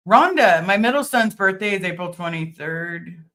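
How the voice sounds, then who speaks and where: A woman's voice: mid-range voice, lively intonation, moderate pace, bright, forceful tone. A middle-aged woman hosting a casual livestream, reading viewer comments aloud and answering them in an earnest, thankful way with frequent ums. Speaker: livestream host.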